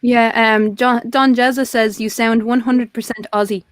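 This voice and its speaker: A woman's voice: fairly high pitch, fairly even intonation, normal speed, no echo. A woman with a Dublin Irish accent hosting a casual chat, asking curious questions. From Ireland. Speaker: host.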